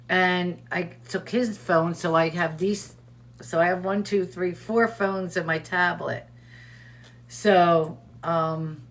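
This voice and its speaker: A middle-aged woman hosting a casual livestream, telling stories in quoted dialogue and answering viewers in the chat by name. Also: lowish voice. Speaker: host of a livestream show. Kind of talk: casual live-stream chat.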